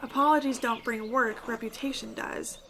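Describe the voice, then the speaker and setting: Gal reading as a grumpy grudge-holding townsman, bit high, gravelly edge. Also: steady tone, normal speed, background noise, close to an everyday voice. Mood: bitter. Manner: reading game dialogue aloud, curt and resentful.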